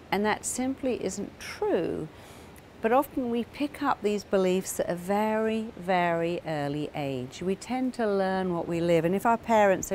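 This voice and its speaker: A woman's voice: medium pitch, animated, moderate pace, darkish tone, a little hiss or hum. A middle-aged woman therapist speaking earnestly to camera, acting out the voices of parents and clients as she tells their stories. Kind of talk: talking to camera about therapy.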